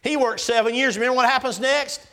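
Guy preaching, high voice, gets loud then drops way down low, acts out the bible bits folksy. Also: steady tone, fast talker. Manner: swings between loud rising exclamations and low hushed asides; acts out scripture dialogue in a folksy way. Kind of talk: sermon.

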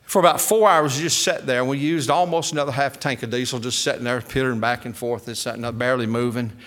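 A man in his sixties with a Mississippi Southern accent, a preacher telling a story in a sermon in a folksy, animated way. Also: medium pitch, fast talker. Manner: folksy, animated, acts out the voices of others.

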